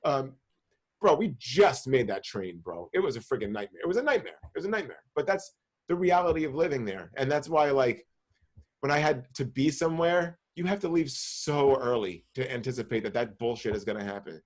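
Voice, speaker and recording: A man's voice: mid-range voice, lively intonation, moderate pace. A young man from the New York area telling a long profane story in casual podcast chat, full of restarts and "bro". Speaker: podcast co-host.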